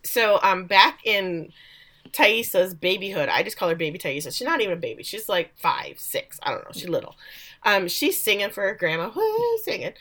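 Animated woman recapping a show. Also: fairly low pitch, normal speed. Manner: animated, acts out characters with big vocal swings. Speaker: podcast co-host. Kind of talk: casual recap chat.

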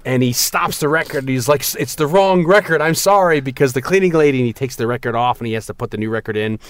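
A man chats on a podcast, spinning long rambling movie stories. His pitch sits in the middle and jumps up whenever he acts out a quote. The recording is close and dry, with no room around him. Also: fairly even intonation, very fast, no room sound. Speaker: podcast co-host. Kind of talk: casual chat about movies.

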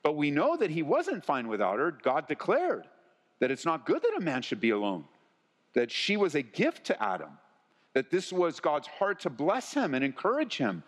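A man's voice: on the high side, wildly swooping pitch, moderate pace. Preaching man in a reverberant hall. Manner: earnest, conversational preaching with rhetorical questions. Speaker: pastor. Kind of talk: sermon.

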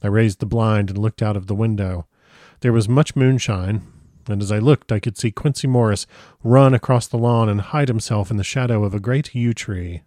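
A man reading a novel aloud in an unhurried, dramatic manner. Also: on the low side, fairly even intonation, dark tone, no echo, clean studio sound. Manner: unhurried dramatic reading, stumbles and comments aside. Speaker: audiobook reader.

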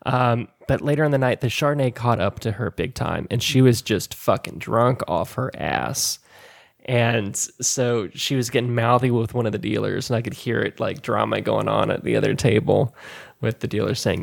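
A man's voice: medium pitch, moderate pace, creaky. A man on a podcast, chatting casually and telling a long story, laughing often and acting out what people said. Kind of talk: casual chat.

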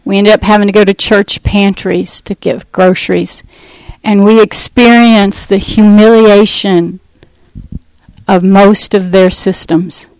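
A middle-aged woman telling her personal testimony in an earnest, conversational way, pausing and restarting as she goes. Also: mid-range voice, a little mellow, clean tone, dry recording, rough recording. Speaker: speaker giving a testimony.

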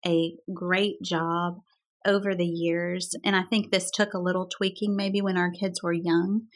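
A woman's voice: fairly low pitch, level tone, a little slow. A middle-aged woman co-hosting a podcast, chatting in an affectionate, lightly teasing way about her husband. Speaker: podcast co-host. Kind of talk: casual chat.

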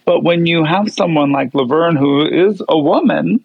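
A man who performs in drag, a guest chatting in an animated, theatrical way. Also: a little high, moderate pace, gravelly, slightly rough, no room sound, phone-quality sound. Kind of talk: casual interview chat.

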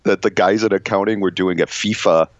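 A low, fairly even-toned voice, a little fast, belongs to a man co-hosting a podcast with laid-back comic banter, rambling, self-interrupting, and frequent laughs. It's a dull, lo-fi, dry recording with no echo.

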